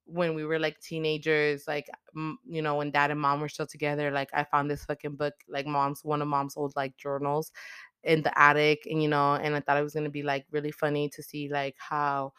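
Young woman, low smooth voice, dry close mic, casual foul-mouthed recap. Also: a little fast, dry recording. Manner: animated, heavy swearing, acts out characters' lines. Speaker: podcast host recapping a movie. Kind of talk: casual profane movie recap.

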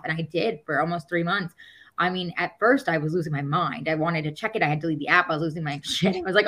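A woman with a low-pitched voice talks through a personal story in casual conversation. She is animated, acts out the voices of people she quotes and laughs now and then as she goes. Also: low-quality recording. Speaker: podcast guest.

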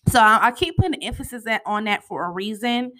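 A woman's voice: a little high, brisk. Chatty woman recapping a TV episode. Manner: chatty and animated, peppered with "you know" and "honey". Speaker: TV show recap host.

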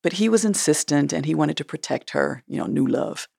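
Creaky, breathy woman telling her story. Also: sits low, lively intonation, fairly quick, darkish tone, dry recording, studio quality. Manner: blunt, matter-of-fact recounting. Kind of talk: personal storytelling.

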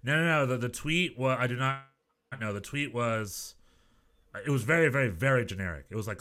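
Bright-voiced man in rambling podcast chat. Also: medium pitch, a little fast. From United States. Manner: animated, rambling storyteller with many restarts. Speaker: podcast co-host. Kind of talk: casual chat.

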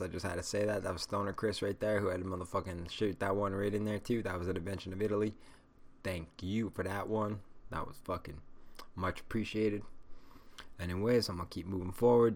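A man hosts his podcast alone in a loose, rambling rant, stoned and swearing constantly. His voice sits fairly low. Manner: rambling, heavily profane, stoned. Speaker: podcast host. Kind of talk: casual solo podcast rant.

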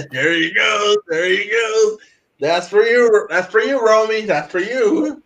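A man on a casual podcast who talks excitably and laughs often. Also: high-pitched, slow, rough recording. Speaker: podcast co-host. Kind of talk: casual chat.

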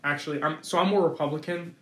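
A young man hosting a relaxed podcast, his voice sitting a bit high for a guy. he chats easily, laughs often and restarts his sentences. the room around him rings with a lot of echo. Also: quick pace. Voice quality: says his voice sounds high on the mic. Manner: chatty, laughing, stumbling restarts. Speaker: podcast host. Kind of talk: casual podcast interview. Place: indoor room. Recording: echoey room.

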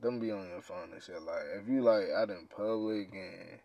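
A man hosting a casual podcast, reading quiz questions aloud and reacting in profane slang, dropping to mumbles and then bursting out loud. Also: low voice, moderate pace, creaky, no echo, muffled recording. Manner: laid-back, profane slang, swings from mumbling to loud outbursts. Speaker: podcast host.

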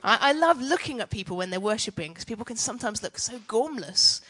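A woman's voice: a little high, expressive, a little fast, fairly bright tone, a little hiss or hum. A woman giving a chatty, self-mocking teaching talk on worship to church leaders.

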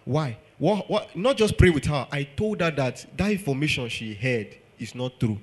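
A man's voice: on the high side, lively intonation, normal speed. A man with a Nigerian accent preaching a sermon, firing off rhetorical questions and acting out quotes.

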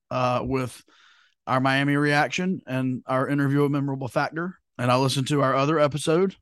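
A man's voice: mid-range voice, no echo, clean studio sound. A young man co-hosting a sports podcast, chatting casually with plenty of fillers and rambling asides. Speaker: podcast co-host. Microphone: podcast mic.

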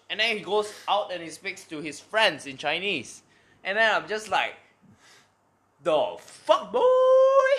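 A man's voice: sits high, pushed and bright. A young man from Singapore, hosting a podcast in casual, rambling chat full of swearing. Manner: rambling, swearing, laughing often. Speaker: podcast host.

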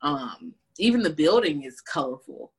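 Husky, lower-voiced woman chatting animatedly. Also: moderate pace. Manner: animated, colloquial storytelling with playful asides. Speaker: podcast co-host. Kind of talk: casual film discussion chat.

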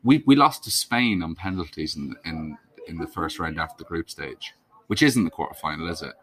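A young man with a very low, deep voice, talking in a loose, rambling way. He circles back often, restarting his sentences and wandering into asides as he chats. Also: expressive, normal speed, fairly bright tone. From Ireland. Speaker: podcast guest. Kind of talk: casual chat.

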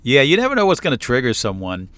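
A man's voice: mid-range voice, huge pitch swings, fast talker, a bit bright, smooth, no room sound, studio quality. A man co-hosting a podcast in casual chat, telling a story in an easygoing, self-deprecating way. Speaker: podcast co-host.

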